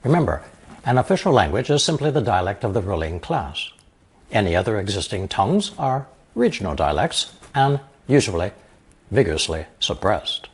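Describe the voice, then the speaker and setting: A man teaching a recorded language lesson, explaining example phrases slowly and carefully. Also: lowish voice, very animated, breathy edge. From lives in Taiwan.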